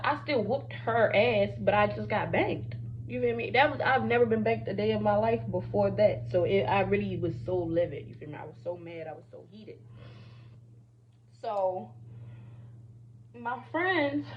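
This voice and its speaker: A young woman vlogger telling a storytime while doing her makeup, animated and chatty, often saying "y'all" and "you feel me". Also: mid-range voice, normal speed, highs cut off, slight background noise.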